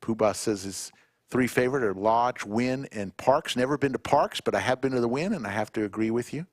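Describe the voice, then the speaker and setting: A man hosting a live poker stream in a poker room, chatting casually and reading out viewer shout-outs one by one. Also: mid-range voice, fairly quick, no echo, studio quality. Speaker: poker livestream commentator.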